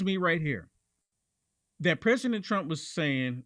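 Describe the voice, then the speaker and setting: A man's voice: high voice, animated, normal speed, a bit bright, no room sound, clean studio sound. A man hosting a political commentary show, talking emphatically and repeating lines for punch.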